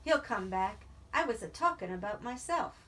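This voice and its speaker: A woman's voice: on the high side, expressive, normal speed, fairly bright tone. A woman voicing a lonely, bitter older male ranch hand, with an earnest, probing rural drawl in an audiobook reading.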